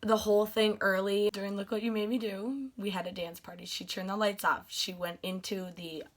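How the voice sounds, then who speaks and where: A young woman vlogger telling a story with gushing excitement, full of fillers. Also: mid-range voice, normal speed. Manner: gushing, animated, many fillers like "like".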